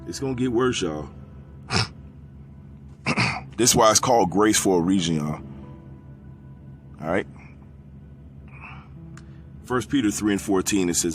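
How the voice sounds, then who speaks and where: A low-pitched man delivers a blunt, profane sermon, climbing sharply when he drives a point home. He drops into a quiet, subdued voice for scripture readings. Faint music plays underneath. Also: expressive, a little slow, pauses often. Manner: reads scripture in a lower, quieter voice. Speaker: preacher.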